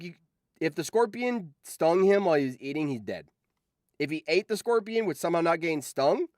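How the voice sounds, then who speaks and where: A young man streaming, reacting to a game, excitable and swearing, with sudden shouts. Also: fairly high pitch, dry recording, studio quality.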